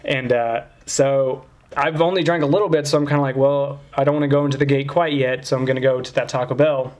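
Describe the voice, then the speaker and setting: A young man casually telling a profane, animated story on a podcast and acting out quoted voices. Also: medium pitch, fast talker. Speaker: podcast co-host.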